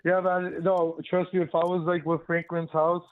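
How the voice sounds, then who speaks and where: A man's voice: a little high, little pitch movement, normal speed, crowd noise. A man calling into a casual chat show, talking in a slangy, laid-back way. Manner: slangy, laid-back, says bro and dude. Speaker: caller. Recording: tinny phone line.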